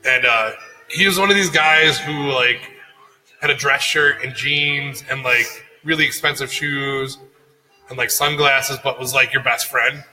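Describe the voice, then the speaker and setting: A man co-hosting a podcast, telling a story in a casual, animated way and acting out the people he quotes. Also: medium pitch, measured pace, faint music behind, low-quality recording. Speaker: podcast co-host.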